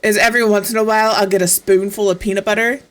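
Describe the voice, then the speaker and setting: A woman's voice: medium pitch, steady tone, quick pace. Profane, exasperated woman streamer. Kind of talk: casual chat.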